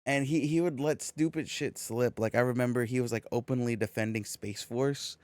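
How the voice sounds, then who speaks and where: A young man from California telling a rambling story on a podcast, full of swearing and quoted back-and-forth. His voice sits at an ordinary middle pitch. The sound is very dry and close, with no room around it. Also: fairly even intonation, moderate pace, a little mellow, dry recording. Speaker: podcast co-host. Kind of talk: casual storytelling chat.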